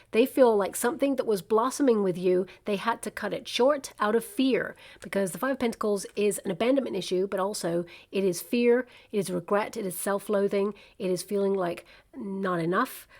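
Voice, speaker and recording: A woman's voice: mid-range voice, a little mellow. Woman giving a chatty tarot reading. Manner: conversational, musing, frequent "you know" and "like". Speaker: tarot reader.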